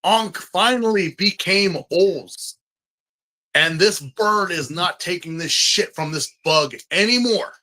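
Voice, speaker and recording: A man in a casual podcast chat, excitable and rambling, with frequent restarts and fillers. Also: high-pitched, takes it slowly. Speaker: podcast co-host.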